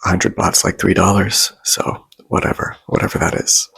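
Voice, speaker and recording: A man telling a rambling story in a soft ASMR vlog, often stopping to restart his sentences and acting out what others said. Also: low-pitched, moderate pace. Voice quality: raspy, breathy and gravelly. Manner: rambling, self-interrupting, animated quoting of others. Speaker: vlogger.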